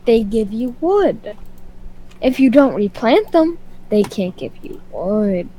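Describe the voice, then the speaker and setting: A woman co-playing on a gaming stream, excitable and giggly, with dramatic outbursts. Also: on the high side, slow, a little hiss or hum, low-quality recording. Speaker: stream co-player. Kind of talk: casual gaming stream chat.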